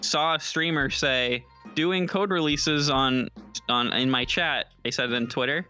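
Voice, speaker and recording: Male podcast co-host, bright and chatty, faint music bed. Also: mid-range voice, lo-fi sound. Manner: quick, chatty, lots of fillers and asides. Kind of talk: casual chat.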